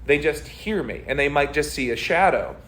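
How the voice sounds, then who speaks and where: A man, a community theater actor, chatting as an interview guest in an energetic, rambling way full of fillers and tangents. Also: fairly high pitch, moderate pace. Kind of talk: casual interview chat.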